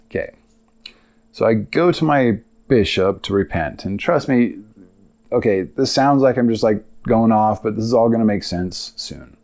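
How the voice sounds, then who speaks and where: A man's voice: on the low side, animated, normal speed, a little mellow. A young man hosting a podcast, telling a personal story in a rambling, casual way with lots of asides. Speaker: podcast host.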